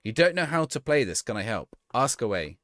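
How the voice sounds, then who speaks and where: A man streaming a game from home reads viewers' questions aloud and answers them in loose, offhand casual chat. His pitch swings up and down in a lively way, his pace is brisk, and he often breaks off and restarts sentences. The sound is close and dry, with no room sound.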